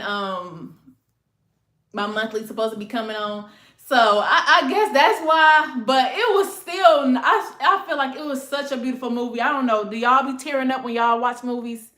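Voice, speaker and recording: A woman's voice: on the high side, a bit bright. A woman, chatting casually and rambling to her livestream viewers, calling them y'all and honey. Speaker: livestream host. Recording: echoey room.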